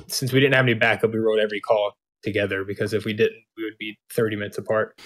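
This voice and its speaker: A man's voice: on the low side, flat delivery, quick pace. A man who is a police officer, telling work stories in casual podcast chat, blunt and profane, often laughing.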